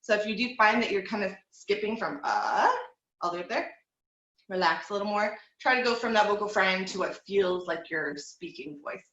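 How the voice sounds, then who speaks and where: A young woman teaching an online group voice class, speaking in a relaxed, encouraging way and demonstrating with hums and slides. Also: mid-range voice, normal speed. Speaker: vocal teacher. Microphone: video call. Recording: dull, echoey room sound.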